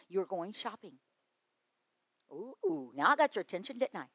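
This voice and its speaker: A woman leading a conference workshop on children's ministry, playful and lively as she talks straight to the room. Her voice is bright and forceful, and the recording is dry and close. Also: medium pitch, normal speed, slightly rough, no echo. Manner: lively, playful, addresses the audience directly.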